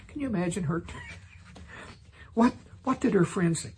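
Lively laughing male preacher. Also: high voice, takes it slowly, slight background noise. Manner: lively, laughs often, acts out quoted voices. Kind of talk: sermon.

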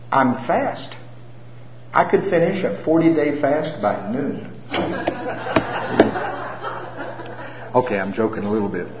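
A man's voice: medium pitch, a little hiss or hum. Man, sermon, folksy and humorous, middle-aged, roomy echo, slightly dull sound. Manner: folksy, humorous, animated storytelling. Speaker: preacher. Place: church hall with a live audience.

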